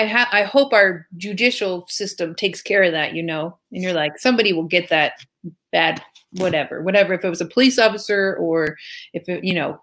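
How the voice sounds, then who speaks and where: A woman from the United States co-hosts a casual discussion at an ordinary pitch. She thinks aloud, packing her sentences with fillers and loose asides. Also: a bit bright. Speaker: co-host.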